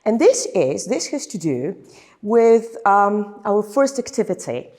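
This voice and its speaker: A woman's voice: medium pitch, sing-song, measured pace. Polish-accented woman leading a workshop. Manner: hesitant, many fillers and restarts, warm laughter. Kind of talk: workshop instruction. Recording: long hall reverb.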